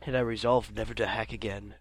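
A young man co-hosting a casual podcast, deadpan and often restarting his sentences. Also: fairly low pitch, a little fast, a little hiss or hum. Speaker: podcast co-host. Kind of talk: casual chat.

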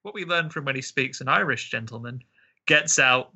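A man's voice: mid-range voice, normal speed, pushed and bright. A man co-hosting a casual chat, recapping a film plot with jokes and laughter. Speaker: podcast co-host.

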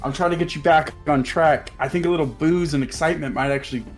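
Guy doing a flustered innkeeper, blunt, talks kinda high. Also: quick pace, soft background music, natural voice. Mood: pleading.

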